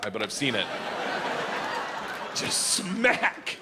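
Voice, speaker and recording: A man telling a stand-up story to a live audience, loud and animated, often jumping into shouted character voices. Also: medium pitch, takes it slowly, noisy background. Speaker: stand-up comedian. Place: large venue with live audience. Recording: reverberant hall, archive clip.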